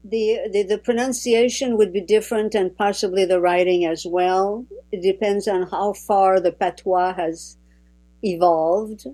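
A woman from Quebec whose first language is French, chatting thoughtfully in conversation, often pausing and restarting her sentences. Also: mid-range voice, steady tone, mellow, low-quality recording. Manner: thoughtful, with frequent restarts and hesitations. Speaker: guest. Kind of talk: casual conversation.

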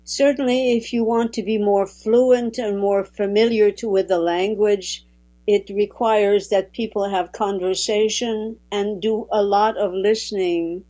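French-Canadian woman, thoughtful and unhurried. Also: mid-range voice, steady tone, dark tone, poor audio. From Quebec. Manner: thoughtful, with frequent restarts and hesitations. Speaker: guest. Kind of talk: casual conversation.

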